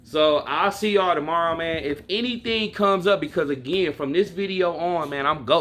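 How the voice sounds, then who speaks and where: A sports fan vlogger from Milwaukee, Wisconsin, rants casually to the camera about his football team, blunt and profane as he addresses viewers directly. His voice is on the high side and fairly bright, moving at a moderate pace with few pauses, with slight background noise.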